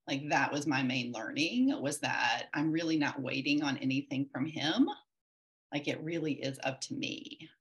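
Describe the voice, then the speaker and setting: Low-voiced woman telling her story. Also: fairly bright tone. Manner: earnest, reflective, many likes and restarts. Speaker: podcast guest. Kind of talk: candid interview storytelling.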